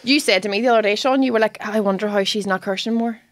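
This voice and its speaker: A woman's voice: medium pitch, fast talker, no echo. A woman hosting a casual podcast, chatty and laughing often as she acts out her daughter. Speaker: podcast host.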